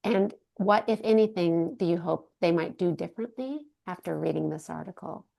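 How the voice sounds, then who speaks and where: A woman's voice: on the low side, moderate pace, vocal fry, dark tone. A woman, a professor, hosting an interview and responding with appreciation before asking questions.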